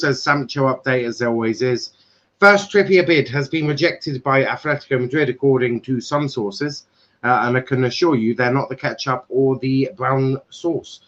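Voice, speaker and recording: A man's voice: medium pitch, a bit bright, highs cut off. A man hosting a casual football transfer live stream, laughing often and swearing sarcastically.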